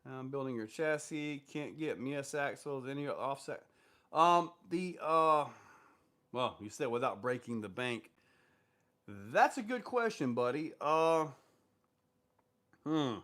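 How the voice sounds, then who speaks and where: A man with a mid-range, fairly bright voice speaks animatedly but slowly, with long pauses. He hosts a casual live stream, reading viewer comments aloud and answering questions in a loose, rambling way full of fillers.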